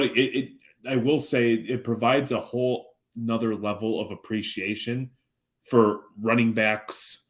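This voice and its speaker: On the low side and a bit bright, this voice belongs to a man in his thirties co-hosting a podcast. In casual chat he tells long, meandering stories, dry jokes and frequent swearing included.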